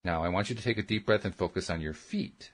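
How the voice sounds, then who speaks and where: A man voicing a calm, gentle woman who patiently guides a boy through relaxing, speaking in a soft and steady way. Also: low voice, fast, lightly acted. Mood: soothing.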